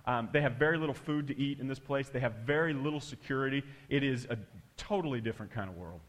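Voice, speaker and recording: A man preaching a sermon through an animated, emphatic personal story. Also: medium pitch, quick pace. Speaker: pastor.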